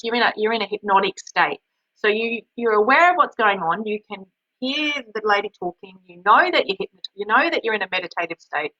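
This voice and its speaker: A woman's voice: medium pitch, sharp tone, no echo, dull audio. A woman hosting a webinar, talking casually and rambling with many restarts. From Australia. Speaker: webinar host and healer.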